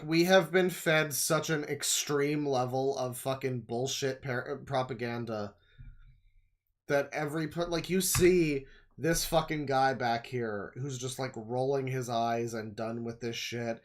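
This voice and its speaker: A man from Canada, streaming and reacting to a video with profane, sarcastic, exasperated rants. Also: medium pitch. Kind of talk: casual ranting commentary.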